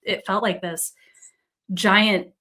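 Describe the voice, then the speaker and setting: A woman, a psychic medium guest, telling a personal story in a rambling, casual way, full of fillers, excited and buzzing. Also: mid-range voice, slow.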